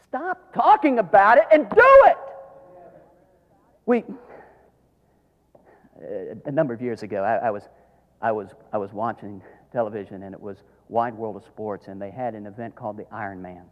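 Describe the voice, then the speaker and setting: A middle-aged man, preaching a sermon as a pastor, telling stories dramatically and swinging from hushed tones to shouts. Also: on the low side, fairly quick, lo-fi sound. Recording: long hall reverb.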